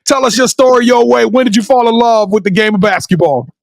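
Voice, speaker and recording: A man hosting a sports talk show, loud and playful, joking and often shouting. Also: extremely high pitch, fast, gravelly, dry recording. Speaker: podcast host. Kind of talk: casual chat.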